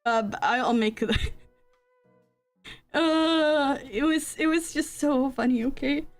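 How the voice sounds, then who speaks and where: Giggly high-voiced young woman streamer. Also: slow, soft background music. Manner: giggly, rambling storyteller. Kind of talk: casual chat stream. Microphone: desk microphone.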